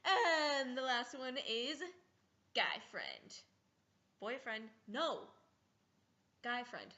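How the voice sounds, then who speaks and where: A woman's voice: high-pitched, slow pace, bright, forceful tone, lo-fi sound. A teenage girl vlogging casually in a playful, giggly way, acting out little scenes. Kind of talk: casual comedic vlog.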